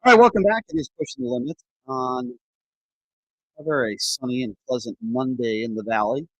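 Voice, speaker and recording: Man, radio host, animated storyteller, exasperated, dry close mic. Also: medium pitch, brisk, no room sound. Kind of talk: casual talk radio chat.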